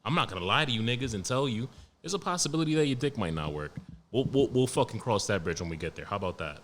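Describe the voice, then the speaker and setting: A young man hosting a solo podcast, talking in a blunt, profane, joking way and reading news out loud. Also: mid-range voice, lively intonation, fast. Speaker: podcast host. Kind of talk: casual solo podcast monologue.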